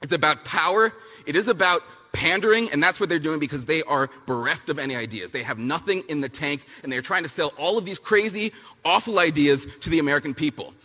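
A man giving a punchy, fiery speech at a youth summit. He repeats lines for effect and mocks people with quick impressions. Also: fairly high pitch, bright, forceful tone. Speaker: speaker at a youth political summit. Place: large hall at a summit, with an audience. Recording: big hall with long reverb and a faint crowd.

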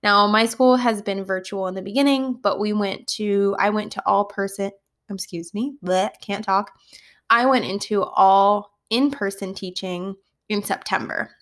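A woman's voice: medium pitch, measured pace. A woman who is a kindergarten teacher, casually telling funny classroom stories with lots of laughter. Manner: animated, laughs often while telling stories. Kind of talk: casual storytelling podcast.

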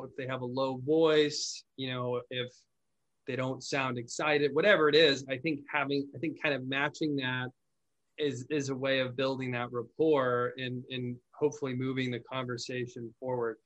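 A man who owns a call center, hosting a podcast and explaining phone sales in a relaxed, chatty way, often restarting his words. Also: mid-range voice, moderate pace, highs cut off. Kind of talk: casual conversational podcast chat.

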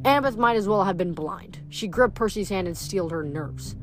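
A woman's voice: mid-range voice, expressive, fairly quick, faint music behind. A woman reading a novel aloud with expression, adding her own short comments between chapters. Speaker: reader.

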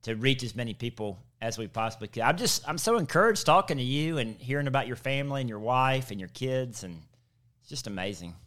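Smooth-voiced, effusive male podcast host. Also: medium pitch, animated, fairly quick, a bit bright. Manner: effusive, encouraging. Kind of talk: casual interview.

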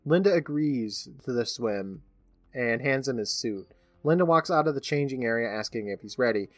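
Lively, animated podcast host guy. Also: mid-range voice, normal speed, no room sound. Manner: animated storyteller, laughs often, acts out lines. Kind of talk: casual recap chat.

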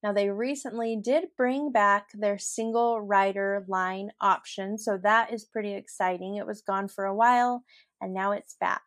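Middle-aged woman host, casual solo podcast, laughs easily, mid pitch, dry close sound. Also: steady tone, moderate pace, a bit bright, no room sound. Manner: chatty and giggly, laughs through her stories.

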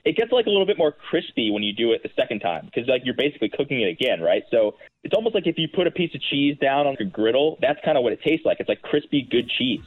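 Fast-talking man on a tinny line. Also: mid-range voice, big pitch swings, breathy edge. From Connecticut, USA. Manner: rambling, filler-heavy talk. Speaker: podcast co-host. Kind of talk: casual podcast chat. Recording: phone-like narrow sound.

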